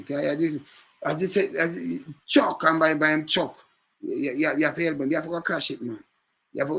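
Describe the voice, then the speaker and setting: Man, Jamaican accent, bright edgy tone, husky, emphatic casual commentary, repetitive. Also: a little high. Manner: animated, emphatic, repetitive with loud outbursts.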